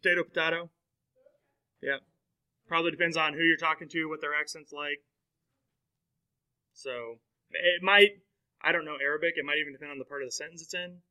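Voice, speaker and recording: A man lecturing in a classroom with a very bright, forward voice pitched a little high. He talks in a loose, conversational way, with lots of fillers and check-ins with his students. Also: steady tone, brisk, pauses often, clean tone, low-quality recording. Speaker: teacher.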